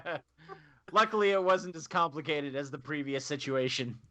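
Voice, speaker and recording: A man in his thirties co-hosts a podcast, telling a story in casual conversation at a normal speed with a slightly high voice. He's animated and acts out both sides of the exchange in his anecdote.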